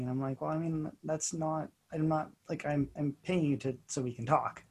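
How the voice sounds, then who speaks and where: A woman co-hosting a casual podcast, dry and sympathetic, soft-spoken. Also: low-pitched, fairly even intonation, brisk, hardly any pauses. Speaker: podcast co-host. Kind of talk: casual chat.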